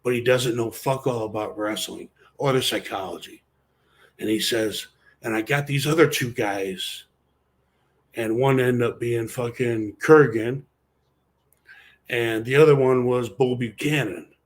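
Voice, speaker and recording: Man, former wrestler, interview guest, casual storytelling, heavy swearing, rambling. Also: mid-range voice.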